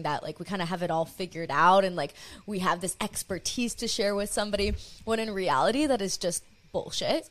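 A young woman hosting a podcast, chatting casually and gushing warmly about her guest, with lots of "like" fillers. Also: mid-range voice. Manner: gushing, heavy use of "like". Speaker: podcast host.

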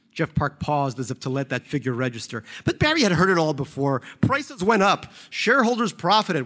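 A man reading a novel aloud, slipping into wry, chatty asides between the passages. His voice sits a bit higher than most men's, with a lively, animated pitch. The delivery sounds relaxed and personal. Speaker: reader.

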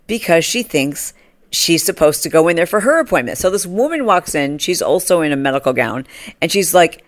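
A woman in her forties with a low voice chats through a funny story on her podcast. She laughs often and jumps up high to act out the people in it. The sound is dry and close to the mic. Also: big pitch swings, brisk, dry recording. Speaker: podcast host. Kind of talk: casual storytelling monologue.

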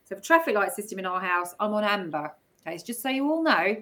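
Woman, casual storyteller, animated and laughing. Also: medium pitch, quick pace. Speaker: guest speaker.

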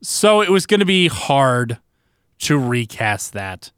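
A man co-hosting a podcast, chatting in a relaxed, casual way and trailing off with fillers. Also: medium pitch, slow pace, clean tone, no echo, clean studio sound. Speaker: podcast co-host. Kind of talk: casual chat.

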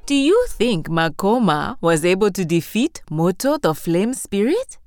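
Animated female storybook narrator. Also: mid-range voice, a little slow. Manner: expressive, animated. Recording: music underneath.

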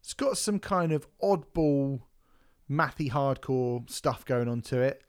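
A man's voice: medium pitch, lively intonation, slow, smooth. A man co-hosting a casual music review chat. He is enthusiastic and sweary, and he trails off and restarts often. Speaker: podcast co-host reviewing an album.

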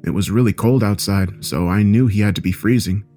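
A man reading a scary story aloud in a measured, steady storytelling voice. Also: fairly low pitch, soft background music. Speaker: narrator. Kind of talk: scripted horror story narration.

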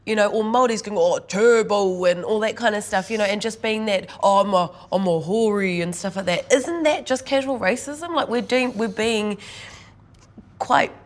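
A woman from New with a fairly high voice. She asks pointed, probing questions in a relaxed, conversational way. Her manner is that of an interviewer pressing a guest on a point. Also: moderate pace. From New Zealand.

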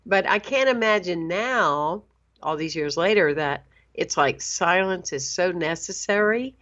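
A middle-aged woman, a minister hosting an interview, earnest and animated, talking in bursts. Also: on the low side, moderate pace, dull audio. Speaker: host, minister. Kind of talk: interview host chat.

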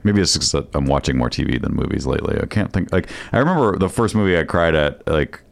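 Deep, gravelly man with dry asides. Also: lively intonation, fast talker. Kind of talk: casual chat.

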